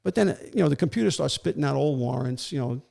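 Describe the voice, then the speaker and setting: Gravelly older New storyteller man. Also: on the high side, fast talker. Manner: animated, acts out quoted voices. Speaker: retired police warrant officer. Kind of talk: storytelling in a casual interview.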